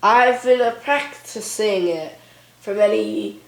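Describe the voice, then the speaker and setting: A woman voicing a male toy engine who fakes a Scottish accent, speaking slowly and haltingly. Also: medium pitch, very animated, reverberant, noisy background. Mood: bluffing. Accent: put-on Scottish.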